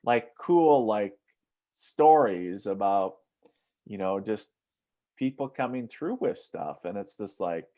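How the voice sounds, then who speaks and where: A man's voice: on the low side, expressive, slow pace, warm tone. A man from northern Minnesota, a psychic medium, telling rambling anecdotes as a guest in a casual interview. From northern Minnesota, USA. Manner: rambling, anecdotal, frequent fillers.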